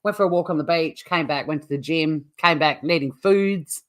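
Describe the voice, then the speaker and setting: Low-voiced chatty Australian woman. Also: moderate pace. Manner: chatty, rambling, laughs often. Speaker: livestream host. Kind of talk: casual livestream chat with viewers.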